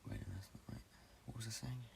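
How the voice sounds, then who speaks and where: A young man from Britain hosting a solo podcast, talking in a halting, low-key, confessional way and swearing often. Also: steady tone, gravelly, darkish tone, a little hiss or hum. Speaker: podcast host. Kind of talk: rambling solo podcast monologue.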